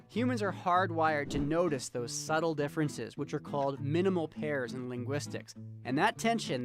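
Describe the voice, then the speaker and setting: A man with a Canadian accent narrating a scripted news feature as a reporter, upbeat and explanatory. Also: fairly high pitch. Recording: voice-over with music bed.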